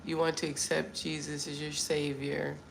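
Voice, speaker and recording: Middle-aged American woman, low and gravelly, hosting a chatty livestream and answering comments. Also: level tone, moderate pace, a little hiss or hum. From United States. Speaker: livestream host. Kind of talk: casual livestream chat. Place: Vietnam.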